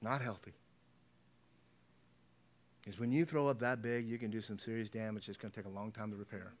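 A man's voice: on the low side, steady tone, a little fast. A middle-aged man preaching a sermon as pastor, talking conversationally, repeating his words and checking in with his listeners.

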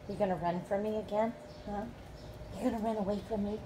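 A woman's voice: fairly even intonation, fast talker. Woman cooing baby talk to her pet. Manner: high sing-song baby talk to a pet. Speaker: pet owner. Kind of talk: talking to pets at home. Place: indoors at home. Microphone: handheld phone camera. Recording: noisy home phone video.

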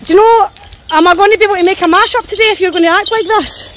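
A woman's voice: extremely high pitch, very fast, a bit bright, a little hiss or hum. A Scottish woman walking her dogs and chatting to a phone, tired and sore, swearing and chattering as she goes. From Scotland. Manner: chatty, swearing, voicing her dogs' thoughts. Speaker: dog walker vlogger. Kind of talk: casual walking vlog. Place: outdoors in woods on a walk.

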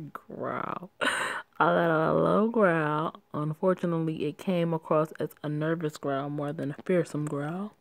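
A woman's voice: deep voice, fairly even intonation, moderate pace, hardly any pauses. A young woman reading a werewolf story aloud, breaking off for sassy, laughing asides and swearing. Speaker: story reader.

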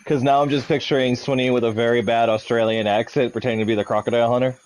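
A man's voice: medium pitch, little pitch movement, fast, a little mellow. A man joking and teasing his friends during a casual multiplayer game. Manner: joking, teasing, laughs often. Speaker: gaming friend. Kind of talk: casual multiplayer gameplay chat.

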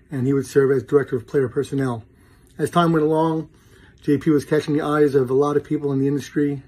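Mellow, husky man presenting an award. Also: mid-range voice. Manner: reads a career summary with fillers. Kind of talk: presenting an award over video call.

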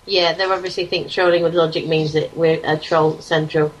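A woman chatting casually on a podcast with a slightly husky voice. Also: deep voice, little pitch movement, normal speed, low-quality recording. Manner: reads out creationist text in a mock farmer accent.

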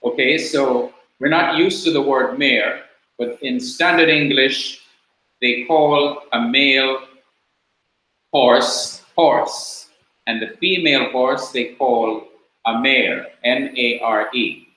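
A man teaching a class, explaining slowly and patiently and repeating key points. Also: medium pitch, pushed and bright. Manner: slow, patient explaining with repetition. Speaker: preaching school teacher. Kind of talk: classroom lecture. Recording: very echoey classroom.

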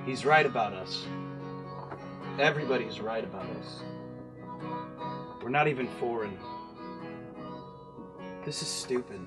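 A man's voice: medium pitch, unhurried, long pauses, over music. Earnest man in a comedy sketch.

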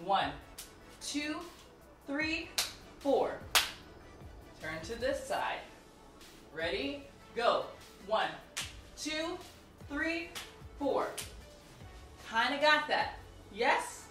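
A woman's voice: sits high, sing-song, very slow, pauses often. Woman coaching martial arts in an echoey room. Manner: counts out moves and cues students; chatty, laughs and jokes with viewers. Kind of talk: instructional tutorial. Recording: echoey room, mic at a distance, faint music.

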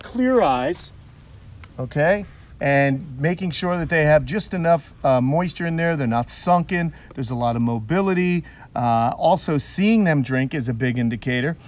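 A man with a New York accent, hosting and explaining animal care in a casual, upbeat way, full of fillers, from outdoors. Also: a little high. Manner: chatty, upbeat, many fillers. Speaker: reptile keeper and channel host. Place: outdoors in a tortoise yard.

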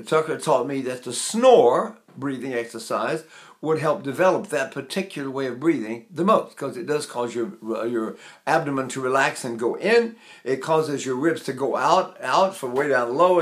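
Eighty-something man teaching breath technique. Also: mid-range voice. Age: 80s. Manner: chatty, demonstrative, holds breath while talking.

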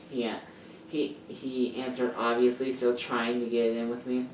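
A woman's voice: very deep voice, little pitch movement, normal speed, a little mellow, distant mic. A woman reading a first-person story aloud, stumbling over words and correcting herself as she goes. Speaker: story reader. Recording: echoey room, off-mic, faint hiss.

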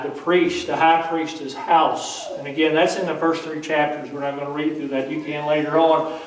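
A man delivers a sermon in a fairly high voice, retelling scripture in a folksy, conversational way. He stands some distance from the microphone, and his words ring around an echoey church sanctuary. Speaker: preacher.

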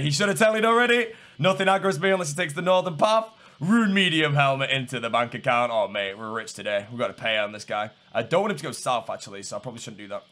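A man giving live gameplay commentary, excitable, going from low muttering to loud shouts. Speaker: gamer.

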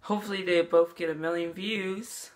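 A YouTuber in a joking comedy vlog who talks in a deadpan, mock-dramatic way. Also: mid-range voice, normal speed.

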